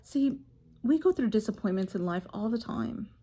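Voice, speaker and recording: A mother speaking earnestly and haltingly to camera, telling a heartfelt story as a devotional reflection. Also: medium pitch, lively intonation, dark tone, breathy edge. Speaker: mother sharing a faith reflection. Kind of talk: casual devotional talk to camera.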